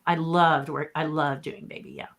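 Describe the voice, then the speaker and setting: A woman's voice: low voice, steady tone, normal speed, a bit bright. A middle-aged woman who is a puppeteer, telling stories as a guest in a casual interview. She acts out quotes and laughs often.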